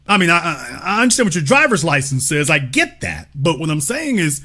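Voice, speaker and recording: Emphatic American man, lively and bright. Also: fairly high pitch, moderate pace, few pauses. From United States. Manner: emphatic, preacher-like, repeats lines for effect. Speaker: commentator in a cultural discussion. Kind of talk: impassioned talk to an audience.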